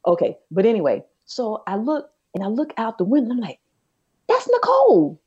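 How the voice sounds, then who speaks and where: Woman cohost, animated storyteller, warm mellow tone, kinda lo-fi audio. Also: fairly high pitch, fairly quick, breathy edge. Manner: animated, chatty, colloquial. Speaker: podcast co-host. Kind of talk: casual chat, storytelling.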